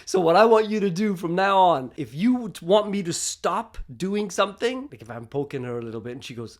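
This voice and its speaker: A man who coaches on relationships, telling stories from his marriage in a loud, passionate way, acting out his own past lines and laughing often. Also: on the high side, animated, moderate pace, few pauses. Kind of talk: personal storytelling to camera.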